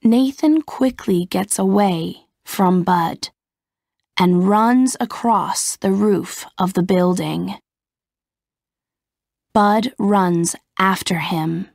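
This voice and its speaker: A woman narrates a simple story at a very slow, careful pace, shaping each word clearly. The sound is close and dry, with no room around the voice. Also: mid-range voice, darkish tone, dry recording. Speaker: audiobook narrator. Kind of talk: scripted narration of a graded reader story.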